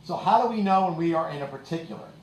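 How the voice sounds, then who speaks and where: A man's voice: fairly high pitch, expressive, fast, darkish tone, slight background noise. A male teacher giving a classroom lecture, explaining with examples and often checking in with "okay?". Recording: echoey classroom, voice from far off.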